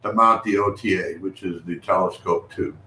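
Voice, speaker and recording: A man's voice: deep voice, steady tone, moderate pace, sharp tone. A man hosting a casual live stream, rambling with restarts and calling out to viewers. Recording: echoey room with faint noise.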